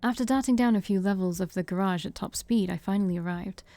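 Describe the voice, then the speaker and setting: A woman streamer reading a visual novel aloud in steady narration, with small stumbles. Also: mid-range voice, quick pace, no echo. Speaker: let's-play streamer.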